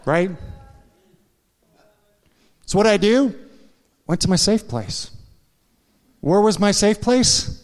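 In a church sanctuary with big-room acoustics, a pastor with a high, expressive voice preaches slowly, leaving long pauses. He shares a candid personal story and often checks in with the congregation through asides.

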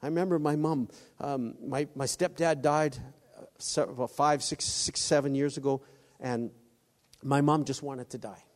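A man preaching a sermon, halting often with restarts and acting out quoted voices. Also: mid-range voice, steady tone. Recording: long hall reverb.

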